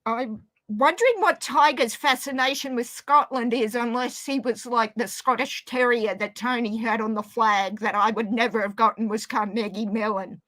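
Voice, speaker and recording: A woman with an Australian accent, chatting casually as a guest on a stream, joking and quick to apologise. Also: fairly high pitch, steady tone, sharp tone. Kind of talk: casual chat.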